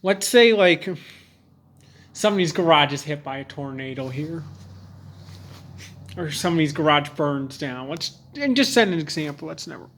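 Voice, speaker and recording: Halting, rambling young man, slightly high voice. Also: a bit bright. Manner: rambling and halting, full of fillers and restarts; earnest and candid. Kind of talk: personal vlog monologue.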